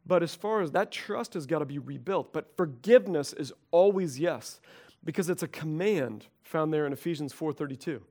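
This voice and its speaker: A middle-aged male pastor preaching a conversational sermon, animated and acting out quoted voices. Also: fairly high pitch, moderate pace.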